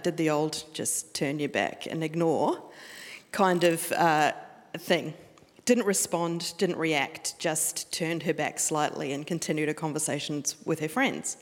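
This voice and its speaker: A middle-aged woman with a New Zealand accent, preaching a sermon in a conversational, storytelling way. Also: lowish voice. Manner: conversational, storytelling with laughs and restarts. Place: church hall. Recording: long hall reverb.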